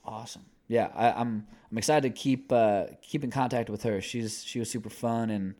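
A man's voice: medium pitch, normal speed, dark tone. A man in his twenties co-hosting a podcast, talking casually in a rambling, laid-back way with lots of fillers. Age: 20s. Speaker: podcast co-host.

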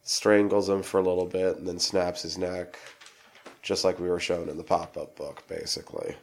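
Man, low voice, podcast co-host, casual film recap, matter-of-fact, blunt swearing. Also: little pitch movement, moderate pace, a little mellow.

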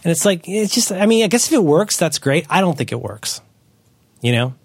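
A man hosting a podcast, chatting casually as a parent, rambling and correcting himself as he tells animated stories. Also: fairly high pitch, fairly quick, vocal fry, breathy edge, no echo. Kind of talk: casual chat.

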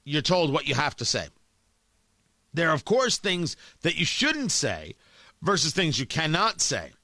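Animated, bright-voiced male talk host. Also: fairly high pitch, measured pace, no room sound. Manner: emphatic, repeats words when building a point. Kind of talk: opinion monologue.

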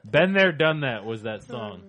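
A man with a mid-range voice that swings widely in pitch chats on a casual podcast. He rambles, trailing off and hunting for words as he talks. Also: big pitch swings, measured pace, a bit bright. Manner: rambling, searching for words, lots of fillers.

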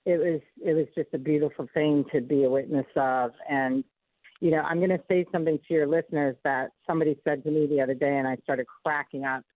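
A woman's voice: sits low, fairly even intonation, fast, no echo. A woman guest telling stories in an earnest, emotional way during a phone interview. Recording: tinny phone line.

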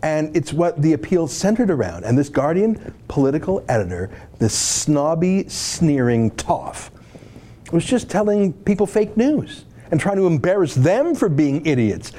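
A man's voice: a little high, sing-song, a little slow, warm tone. A man giving sarcastic political commentary, indignant and mocking, full of rhetorical questions.

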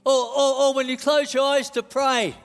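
A man's voice: very high voice, moderate pace, in a large hall. A man preaching a sermon, telling it like a story and repeating key lines. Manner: animated storytelling, repeats phrases.

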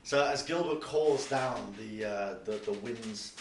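A man's voice: lowish voice, takes it slowly, a little hiss or hum. A man acting as game master, narrating a tabletop game in a casual, joking way. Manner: casual, jokey, switching into loud villain shouts.

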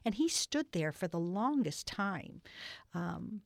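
Older woman with a gravelly, halting voice. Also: medium pitch, sing-song, no room sound. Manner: warm, earnest, halting with many restarts. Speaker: guest. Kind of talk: storytelling in a podcast interview.

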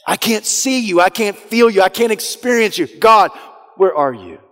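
A man's voice: high voice, lively intonation, normal speed, fairly bright tone, soft background music, pitched above the performer's own voice. A man voicing an abandoned young man pleading to an absent God in an anguished way, with long hall reverb.

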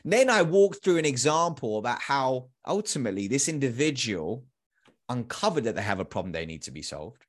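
A man in his thirties, a sales trainer appearing as a podcast guest, speaks energetically in a mid-range voice at a fairly quick clip. He's animated, acting out quoted dialogue and hammering points home through emphatic repetition.

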